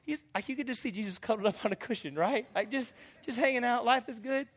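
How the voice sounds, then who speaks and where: A man preaching a sermon as pastor, animated and jokey in a conversational way. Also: extremely high pitch, quick pace.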